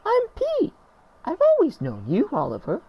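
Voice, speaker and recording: A tiny sprite girl chirps in a shrill falsetto, put on by a man reading game dialogue aloud. Her voice leaps way up and swoops around wildly, and everything comes out bubbly and sing-song. She sounds endlessly eager and cheerful. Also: huge pitch swings, normal speed, gravelly, highs cut off, slight background noise, exaggerated voice. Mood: friendly.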